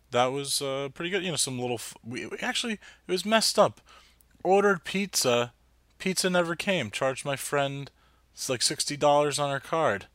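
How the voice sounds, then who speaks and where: A man's voice: medium pitch, a bit bright, dry recording. A man from New Jersey hosting his podcast in rambling, casual chat full of fillers. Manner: rambling, chatty, lots of fillers and restarts. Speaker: podcast host.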